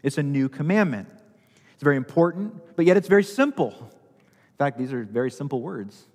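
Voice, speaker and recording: A man's voice: fairly high pitch, lively intonation, moderate pace, a little mellow, long reverb tail. A male pastor preaching a sermon, repeating key phrases for emphasis.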